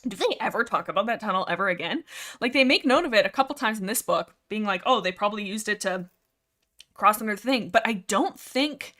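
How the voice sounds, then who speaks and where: A young woman from Canada hosting a casual livestream chat about books, rambling and animated, reading chat aloud. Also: mid-range voice, a little fast. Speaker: livestream host.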